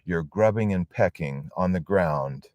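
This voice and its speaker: This is a man's very low, slightly mellow voice delivering a narrative sermon to a support group. Long dramatic pauses and emphatic phrasing shape his points, and the recording is dry and intimate.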